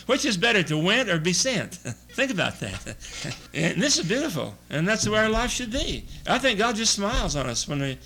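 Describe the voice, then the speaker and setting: A man preaching a casual sermon, reading scripture slowly and chuckling as he asks his listeners questions. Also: high-pitched, sharp tone, a little hiss or hum, rough recording. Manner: reads scripture aloud slowly. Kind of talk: conversational sermon.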